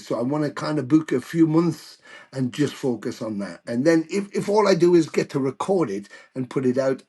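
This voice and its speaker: A British man in his older years, a guest musician telling stories in a casual interview, animated and swearing freely. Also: mid-range voice, breathy edge. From United Kingdom.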